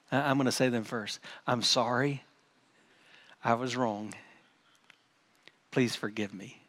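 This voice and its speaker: A middle-aged man preaching a sermon as pastor. He speaks earnestly, often repeats his words, and drops to a soft, prayerful tone at times. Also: mid-range voice.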